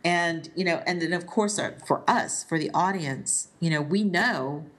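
Woman with a lowish voice, chatty, walking through a tv episode scene by scene. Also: unhurried. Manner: animated, retells scenes at length. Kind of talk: casual TV discussion podcast.

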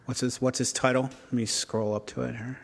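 A man's voice: mid-range voice, level tone, a little fast, gravelly. A man co-hosting a podcast in casual chat, wry and joking, rambling and often restarting his sentences. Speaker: podcast co-host.

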